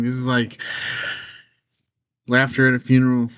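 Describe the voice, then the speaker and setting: A man speaking to his own camera in a loose, rambling vlog, piling up fillers as he tells a long anecdote. His voice sits at an ordinary middle pitch for a man, and he slips in the occasional nervous laugh along the way. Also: flat delivery, a little slow, long pauses, a bit bright. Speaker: software founder telling a personal story. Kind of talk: casual storytelling vlog to camera.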